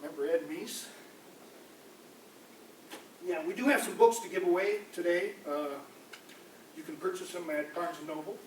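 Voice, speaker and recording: A man doing rambling, animated political stand-up comedy before a live audience in a campus room, often slipping into mocking voices. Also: high-pitched, normal speed, long pauses, slight background noise. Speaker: street comedian. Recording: echoey room, voice from far off.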